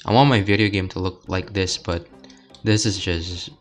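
A man's voice: deep voice, fairly even intonation, normal speed, faint music behind. A young man casually commenting while playing a video game, rambling and hesitant with lots of filler words. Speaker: let's play host.

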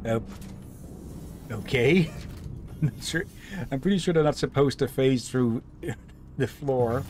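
A man's voice: mid-range voice, takes it slowly, background noise. A man streaming a co-op game, chatting casually and swearing at what happens on screen. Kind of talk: casual gaming stream chat.

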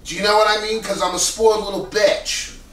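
Male acting teacher, high bright voice, loud and animated, profane, echoey room, distant mic. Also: fairly quick, slight background noise. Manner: loud, animated, profane, full of rhetorical questions. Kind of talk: casual coaching talk.

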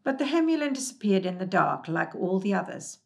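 A woman reading a storybook aloud in a gentle, calm and measured way. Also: mid-range voice, creaky.

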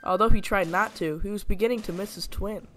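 High-voiced man narrating a storybook. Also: a little fast, fairly bright tone, faint music behind.

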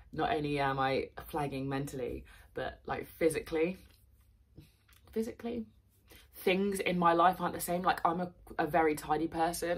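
Tired, husky-voiced woman vlogging. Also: low voice. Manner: chatty and candid, rambling with fillers and swearing. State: tired and low on energy. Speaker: fitness vlogger. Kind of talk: casual vlog chat. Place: at home, indoors.

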